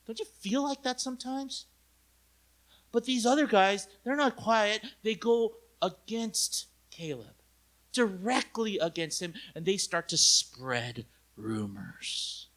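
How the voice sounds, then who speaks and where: High, bright-voiced animated young pastor. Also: male voice, takes it slowly. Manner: animated, acts out quoted voices with big swings in loudness; conversational, asks the audience direct questions. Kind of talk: lively youth retreat sermon.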